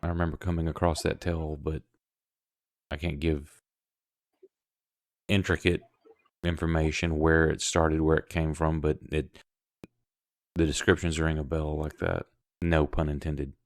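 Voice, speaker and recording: A man at a tabletop game muses slowly, recalling an old tale. His voice is extremely deep and nearly monotone, heard dry and close. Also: no room sound. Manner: musing, slow recollection. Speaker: player. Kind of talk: casual tabletop play.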